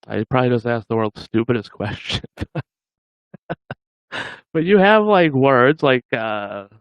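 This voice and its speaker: A man's voice: medium pitch, very animated, unhurried, clear, resonant tone, no echo, muffled recording. A man hosting a casual livestream, joking with viewers and laughing often. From Massachusetts. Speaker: livestream host.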